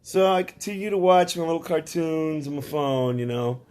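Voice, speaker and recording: A man telling a rambling, profane comic story, swinging from loud outbursts to low mutters. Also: moderate pace.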